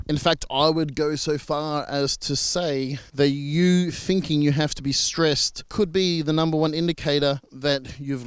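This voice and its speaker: An Australian marriage celebrant with an Australian accent and a fairly high voice talks casually and reassuringly to camera, with frequent fillers and restarts. There's no echo.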